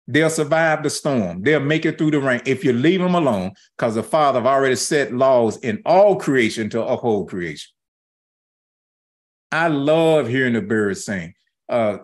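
A middle-aged man preaching a sermon in a folksy, animated way, acting out quoted asides. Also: mid-range voice. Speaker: pastor.

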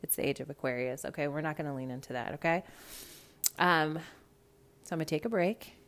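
A young woman hosting a casual reality TV recap, blunt, profane and animated. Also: sits low, brisk. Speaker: podcast host.

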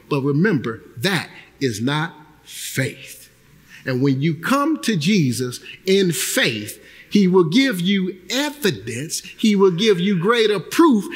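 A male pastor preaching a sermon, breaking into shouted emphasis and acting out the people he quotes. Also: sits high, big-room sound.

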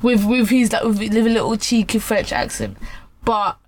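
A woman's voice: mid-range voice, big pitch swings, moderate pace. A young woman co-hosting a podcast, telling stories animatedly in casual slang. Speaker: podcast co-host. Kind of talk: casual chat. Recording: noisy podcast recording.

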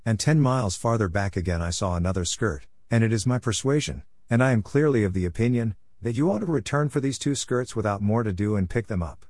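A man's voice: fairly low pitch, animated, a little fast, few pauses, darkish tone, no room sound. A man reading the part of a proud, quarrelsome champion runner in a folk tale, speaking haughtily and with scorn. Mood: haughty.

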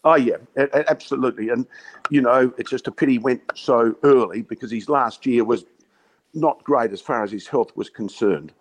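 A man's voice: mid-range voice, moderate pace, a little hiss or hum, poor audio. An Australian man in his sixties from Western Australia, a former cricket captain swapping stories as a guest. He tells yarns with plenty of laughs and calls everyone mate. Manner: yarning storyteller, laughs often, says "mate". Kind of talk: casual chat.

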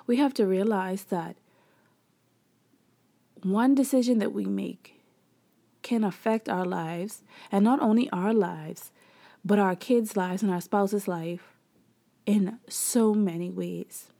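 A woman hosting a podcast, talking candidly about her faith and marriage in a chatty way. She calls her listeners "y'all" and acts out her own words in animated bursts. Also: mid-range voice, slow, creaky, pauses often. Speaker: podcast host.

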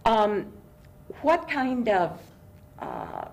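A woman's voice: fairly high pitch, huge pitch swings, drawn-out words, creaky. A woman interviewing a guest, asking open questions and giving short, encouraging replies. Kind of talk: conversational interview.

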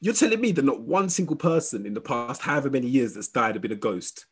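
A man's voice: medium pitch, lively intonation, quick pace, husky. A man co-hosting a casual chat, swearing freely and laughing as he riffs on jokes. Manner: swears a lot, laughs often, slips into shouted impressions. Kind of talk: crude comedic banter.

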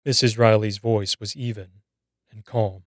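A man narrating a scripted horror story in a measured, grave reading. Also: lowish voice, steady tone, dry recording, studio quality.

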